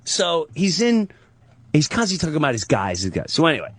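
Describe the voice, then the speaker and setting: A man telling a comic story, excitable and profane, acting out the people in it. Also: fairly high pitch, a little fast, dry recording, clean studio sound. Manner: excitable, profane, restarts and acts out voices. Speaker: comedian guest.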